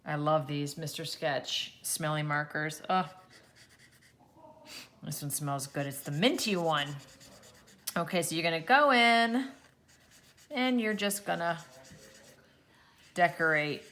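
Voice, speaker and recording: A woman teaching a children's drawing lesson, gently talking through each step as she draws. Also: deep voice. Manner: gentle, encouraging, talks while drawing. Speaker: art teacher.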